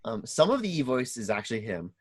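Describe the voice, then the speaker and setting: A man co-hosting a podcast, casually recapping a film and acting out its scenes in quick put-on voices. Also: mid-range voice, very animated, dry recording. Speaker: podcast co-host. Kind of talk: casual chat recapping a movie.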